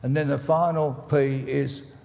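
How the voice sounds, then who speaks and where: A man, a pastor preaching a sermon in a measured, teaching way with deliberate emphasis. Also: mid-range voice, level tone, gravelly, a little mellow. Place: church. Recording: long church reverb.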